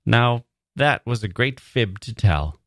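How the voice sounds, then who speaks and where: A man voicing a brisk, teasing older aunt in a story reading. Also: on the low side, lively intonation, a bit bright, dry recording, studio quality, voice pushed up, full character voice.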